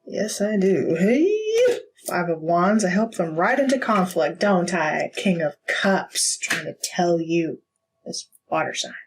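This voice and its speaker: A woman reading tarot cards in a casual, unscripted way, with a husky voice and a slow pace. She is blunt and profane, and laughs often between her points. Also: fairly low pitch, very animated, rough recording. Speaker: tarot reader.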